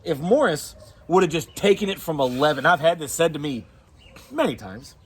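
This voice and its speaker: A man's voice: on the high side, expressive, moderate pace, slight background noise. A man with a Southern US accent co-hosting a casual movie chat, rambling and profane, laughing often. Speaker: co-host.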